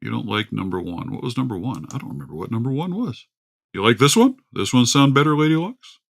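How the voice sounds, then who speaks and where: Gravelly, lively man chatting on a stream. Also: mid-range voice, fast. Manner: rambling, chatty, greets viewers by name. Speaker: livestream host. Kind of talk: casual livestream chat. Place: home. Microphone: desktop USB microphone.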